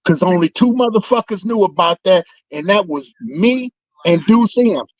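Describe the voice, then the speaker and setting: A man's voice: high-pitched, animated, moderate pace, no room sound. Man, podcast co-host, laid-back, street slang, dull lo-fi dry recording. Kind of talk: casual podcast chat. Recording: slightly dull, dry lo-fi sound.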